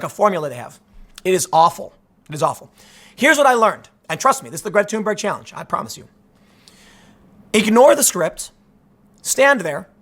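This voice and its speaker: A man's voice: sits high, a bit bright. A man in his thirties hosting a casual commentary monologue, conversational and sarcastic, with lots of restarts and asides. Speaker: political commentary host.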